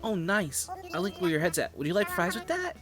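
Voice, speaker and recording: A man's voice: high voice, wildly swooping pitch, fairly quick, pitched above the performer's own voice. A man reading out a cheerful game villager's lines in a raised, bubbly, sing-song voice. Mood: chipper. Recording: game music behind the voice.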